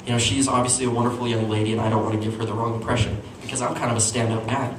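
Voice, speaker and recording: A man's voice: flat delivery, very fast. Young man telling a stand-up story in an echoey room. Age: young adult. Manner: self-deprecating, acts out quotes with playful pitch jumps. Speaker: stand-up comedian. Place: small venue with audience. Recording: echoey room, distant mic, audience noise.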